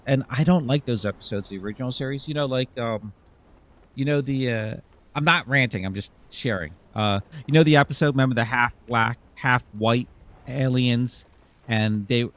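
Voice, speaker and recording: A male VTuber chatting loosely through a gaming livestream. His voice sits at an ordinary mid pitch, and he rambles from thought to thought, dropping casual profanity as he goes. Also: fairly bright tone. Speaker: VTuber streamer.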